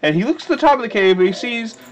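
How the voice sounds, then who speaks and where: A young man hosting a game playthrough, rambling and joking with sudden excited yelps. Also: very high-pitched, fast, dull audio. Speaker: let's play host. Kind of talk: casual gameplay commentary. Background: faint video game music.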